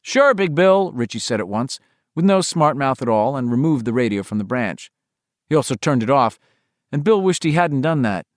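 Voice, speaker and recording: A man's voice: medium pitch, expressive, moderate pace, dry recording. Man narrating a novel, dry sound. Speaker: audiobook narrator.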